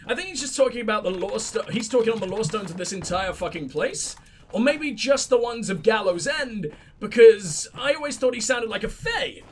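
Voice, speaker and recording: A man with a stuffy nose, commenting on a game he is playing, sweary, sarcastic and excitable. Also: high-pitched, moderate pace, slight background noise. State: sick, stuffy-nosed. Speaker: let's play host. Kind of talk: gameplay commentary.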